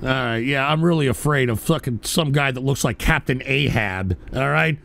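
A man's voice: mid-range voice, moderate pace, gravelly, a bit bright, a little hiss or hum. A man hosting a call-in radio show, ranting brashly, swearing and repeating himself as he takes calls. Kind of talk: profane call-in radio rant.

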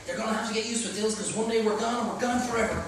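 A man with an Irish accent hosting a live cook-along in a home kitchen, chatty and excitable, full of exclamations. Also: high voice, rapid-fire. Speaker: chef host. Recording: very echoey room, faint noise.

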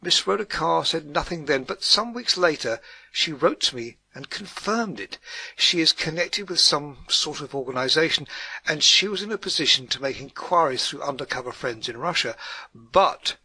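An earnest middle-aged German housewife lectures her neighbours in a put-on German accent, as a man puts her on. The tone is bright and slightly husky, the sound dry and close. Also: fairly high pitch, expressive, normal speed, no room sound, heavily acted.

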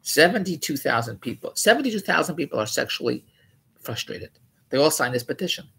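A man's voice: fairly high pitch, big pitch swings, brisk, vocal fry, fairly bright tone, breathy edge. A man riffing in a rambling, mocking way on a news article, often correcting himself. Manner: rambling, digressive, self-correcting; incredulous, mocking. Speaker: vlogger.

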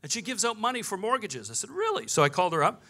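A man's voice: sits high, sing-song, quick pace, pushed and bright. A man, preaching a sermon and telling a personal story with quoted dialogue. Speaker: pastor.

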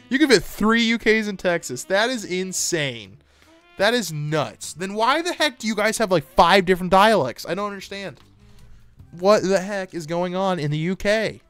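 A man's voice: high voice, animated, moderate pace, a bit bright, clean tone, no echo, soft background music. An American man streaming live, chatting casually and playfully with his chat, reading comments aloud and laughing often.

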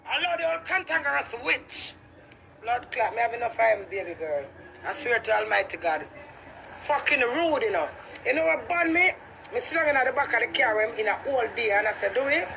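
A woman's voice: fairly high pitch, animated, fast talker, vocal fry, pushed and bright, slight background noise, poor audio. A Jamaican woman ranting heatedly to camera, cursing freely in patois. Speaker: vlogger. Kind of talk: ranting street vlog.

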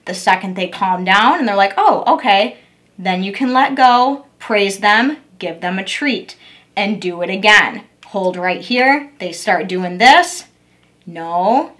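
A woman's voice: mid-range voice, animated, slow pace, fairly bright tone. A young woman, a dog groomer, giving a patient step-by-step demo on handling a puppy. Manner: patient, repetitive coaching tone. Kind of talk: instructional demo.

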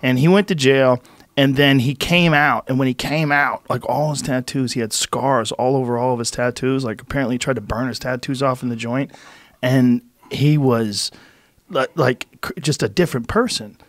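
A man hosting a podcast, chatting in a relaxed, conversational way and asking quick questions. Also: mid-range voice, no echo. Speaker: podcast host. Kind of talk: casual conversation.

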